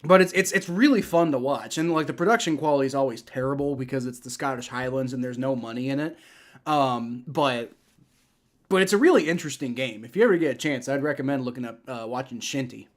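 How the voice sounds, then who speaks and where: A man's voice: mid-range voice, a little fast. A young man from the United States hosting a casual livestream, reacting to a game and chatting, rambling through lots of restarts and fillers. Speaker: livestream host. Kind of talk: casual live reaction and play-by-play.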